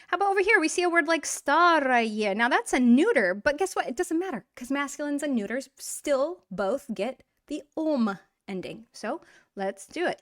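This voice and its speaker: A woman teaching a grammar lesson in a chatty, encouraging way, asking rhetorical questions and slowly drawing out example words. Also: a little high. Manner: drawn-out model pronunciation of example words. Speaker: Russian language teacher.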